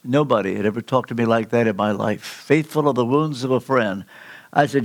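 An older man preaching a sermon in a church, telling a personal story with earnest, slow, emphatic pauses. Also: mid-range voice. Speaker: pastor. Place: church sanctuary.

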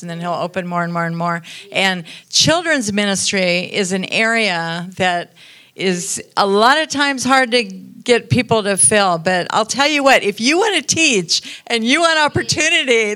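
A woman's voice: a little high, pushed and bright. A woman on a church conference panel, speaking in an encouraging and enthusiastic way.

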